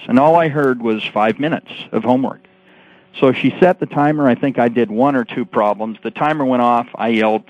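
An animated man tells stories as a radio guest, jumping into the voices of the people he quotes. His voice sits at an ordinary pitch. The broadcast has a slightly dull, muffled sound. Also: brisk, dry recording. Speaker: guest author and coach. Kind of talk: storytelling interview answers.

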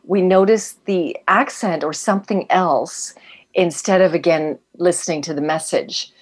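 Female co-host, low-pitched, reflective conversational tone. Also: a little slow. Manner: reflective, agreeable, with restarts. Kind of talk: casual conversation.

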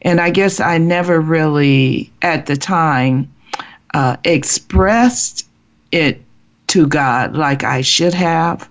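Slow, halting woman telling her testimony. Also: deep voice. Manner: halting, earnest, with restarts. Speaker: guest sharing her testimony. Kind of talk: personal faith testimony. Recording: muffled lo-fi recording.

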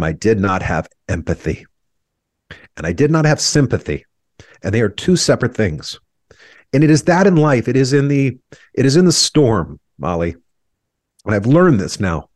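A man's voice: lowish voice, darkish tone, no echo, clean studio sound. A man in his thirties, an interview guest, telling a painful personal story in an earnest, reflective way, his voice sometimes breaking with emotion.

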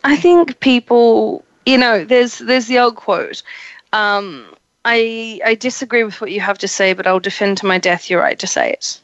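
Hoarse, croaky woman hosting a chat show. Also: a little high, normal speed, no room sound, lo-fi sound. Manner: sardonic, opinionated. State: hoarse from the flu. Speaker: host. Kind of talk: casual chat.

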